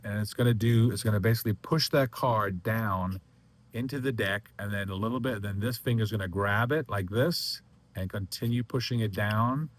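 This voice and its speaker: Low-voiced man explaining a card trick. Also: a bit bright. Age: adult. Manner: halting, many restarts and fillers, talks while handling props. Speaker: magic instructor. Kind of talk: casual demonstration lecture.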